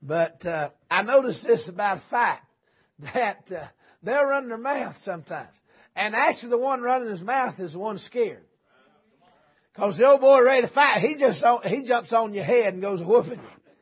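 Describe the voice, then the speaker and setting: Husky preacher, high voice. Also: male voice, lively intonation, moderate pace, highs cut off. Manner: folksy, joking, swings from low asides to shouting. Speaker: visiting preacher. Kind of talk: revival sermon. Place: church sanctuary.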